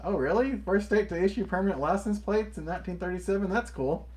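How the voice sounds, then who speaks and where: A man's voice: high-pitched, fast talker, darkish tone. A man co-hosting a live stream in casual chat, upbeat and friendly as he reads out and answers viewer comments. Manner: enthusiastic, friendly greetings to viewers.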